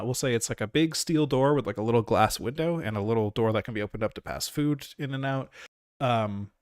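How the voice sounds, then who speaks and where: A man narrating as game master of a tabletop role-playing game, relaxed, with many fillers and frequent laughs. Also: medium pitch, no echo, studio quality.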